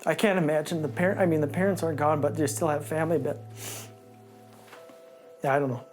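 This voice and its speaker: A neighbor speaking haltingly and emotionally in a news interview. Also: mid-range voice, steady tone, a little mellow, soft background music.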